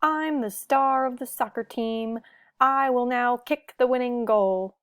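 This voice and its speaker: A woman's voice: a little high, a little slow, a bit bright, clean tone. A woman voicing a playful, boastful young male fox in a picture-book read-aloud, with dramatic exclamations.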